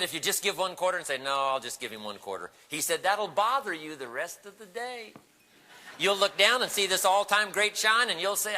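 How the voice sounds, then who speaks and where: At a seminar, a motivational speaker with a medium-pitched, piercingly bright voice tells animated stories and takes on the voices of the people in them. A long hall reverb hangs over the recording.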